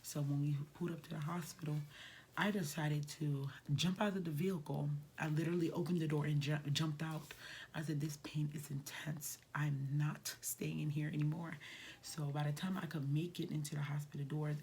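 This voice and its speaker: A woman's voice: low voice, steady tone, normal speed, vocal fry, darkish tone, a little hiss or hum. A woman vlogger telling a personal story in a casual, conversational way, sometimes dropping to a near whisper.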